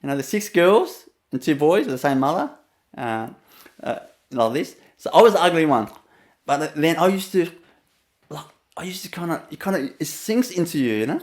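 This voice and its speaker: A man with a Vietnamese accent and a fairly high voice, speaking as a spiritual teacher in a relaxed storytelling talk. He chuckles often between phrases and pauses on many "uh" and "you know" fillers.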